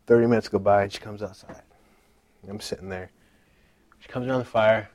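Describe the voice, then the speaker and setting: A man in his thirties giving a personal faith testimony, dropping to a hush and rising loud again, laughing at himself as he tells the story. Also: lowish voice, steady tone, quick pace, dry recording. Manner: swings from hushed to loud, laughing, self-deprecating storytelling.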